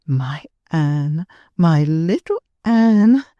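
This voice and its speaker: A woman's voice: low-pitched, no echo, lo-fi sound, heavily acted. A woman as a poised, cool mother. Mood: tender. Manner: calm, measured. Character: poised, cool-eyed middle-aged mother.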